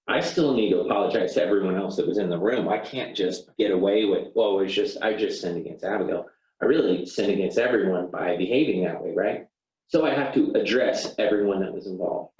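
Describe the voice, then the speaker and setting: Low-voiced man teaching in a roomy classroom. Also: darkish tone, slight background noise. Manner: conversational, acts out sample apologies, many "you know"s. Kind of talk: classroom lecture. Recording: roomy, dull classroom recording from far off.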